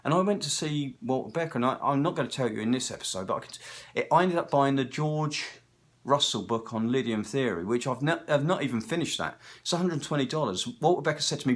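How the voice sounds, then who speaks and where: A man in his sixties with a British accent talks to the camera in a loose, unscripted monologue. He is a chatty storyteller who drifts from one tangent to another. His pitch sits in the middle for a man. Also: expressive, fast. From Britain. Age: 60s. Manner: digressive, talkative, tangent-hopping storyteller. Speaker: guitar technician. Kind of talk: casual rambling monologue.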